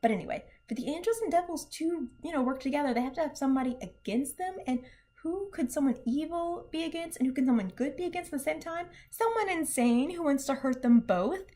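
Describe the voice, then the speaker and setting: A young woman casually reviewing a cartoon show, chatty and animated, often laughing and slipping into quick impressions of characters. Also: sits high.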